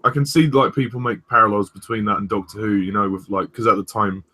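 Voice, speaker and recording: A young man hosting a casual review chat, rambling with many pauses and restarts. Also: fairly low pitch, steady tone, pushed and bright, a little hiss or hum. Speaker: host of a review discussion.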